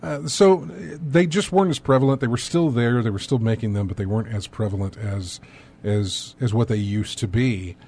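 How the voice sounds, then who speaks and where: A man's voice: mid-range voice, normal speed, creaky, darkish tone, husky. A man co-hosting a casual gaming news talk, rambling and thinking aloud with many fillers. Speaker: podcast co-host.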